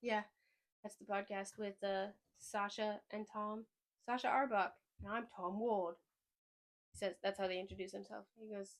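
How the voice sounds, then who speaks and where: A woman hosting a podcast in casual chat, rambling and excitable, often trailing off mid-sentence. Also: mid-range voice, moderate pace. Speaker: podcast host.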